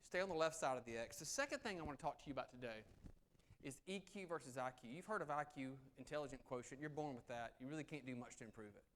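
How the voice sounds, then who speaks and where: A middle-aged man giving a live negotiation seminar, swinging between loud emphasis and soft, low asides. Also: fast talker, slight background noise. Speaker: negotiation speaker. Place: meeting room with audience.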